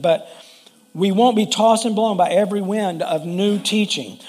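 Male pastor, sermon, high voice, unhurried, earnest and conversational with frequent restarts. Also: darkish tone.

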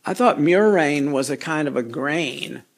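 A man's voice: on the high side, lively intonation, unhurried, creaky. Folksy, rambling man teaching scripture. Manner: folksy, rambling, chatty asides. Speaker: Bible study teacher. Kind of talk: casual Bible teaching.

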